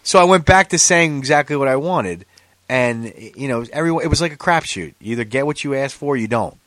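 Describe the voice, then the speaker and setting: Profane, animated man ranting. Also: medium pitch, a little fast, no room sound. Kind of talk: casual chat.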